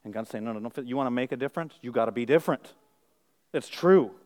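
A man preaching a sermon as pastor, conversational and self-deprecating, swinging from quiet asides to loud, emphatic peaks. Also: mid-range voice, fast.

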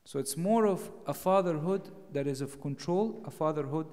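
A man delivers a sermon in a church with a slightly higher-than-usual voice. He teaches steadily and then swells with emphasis on key lines. His words ring out with a long hall reverb behind them. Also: moderate pace, a little mellow. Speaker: preacher.

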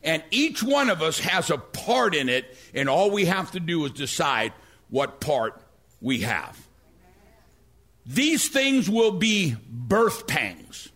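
A middle-aged male pastor preaching a sermon, telling stories with animated energy and rising to near-shouts. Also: a little high, slow pace.

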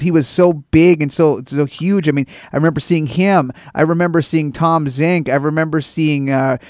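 A man's voice: on the high side, fairly even intonation, moderate pace, few pauses, darkish tone, dry recording, clean studio sound. A male interview host from Minnesota asking long, hesitant questions full of fillers. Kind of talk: casual interview.

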